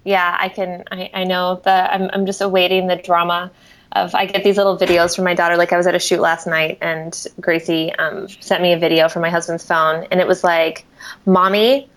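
Thirties woman with a slightly low voice, a chatty mom who laughs often and trails off mid-thought. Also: flat delivery, fairly quick, poor audio. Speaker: photographer running her own business. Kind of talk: casual conversation.

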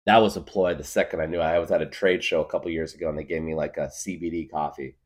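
A man's voice: a bass voice, steady tone, fast talker. A man rambling through a casual comedic monologue as a podcast guest, stuffing his talk with filler words and joking exaggerations. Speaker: podcast guest, craft beer guru.

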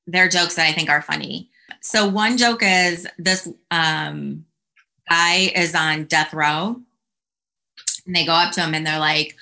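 A woman's voice: on the low side, creaky, pushed and bright. A woman guesting on a podcast, chatting casually and telling jokes animatedly, acting out the voices. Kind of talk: casual interview chat. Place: home room.

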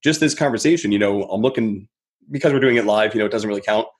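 A man's voice: on the low side, fast talker. A man who is a podcast guest, talking in a reflective, rambling way and often circling back on his thoughts. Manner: rambling, reflective, many "you know" fillers and restarts. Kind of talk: casual podcast conversation.

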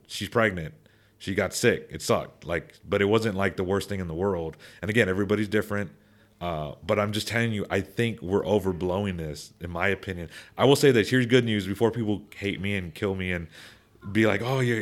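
A young man chatting casually on a podcast, rambling with many restarts and repeated words, now and then turning animated. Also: low voice, fairly quick. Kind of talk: casual opinion chat.

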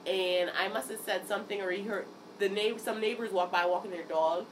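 A woman in her thirties, chatting casually and telling animated stories, acting out quotes, swearing and laughing often. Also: mid-range voice, brisk. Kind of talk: casual chat. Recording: distant mic, noisy background.

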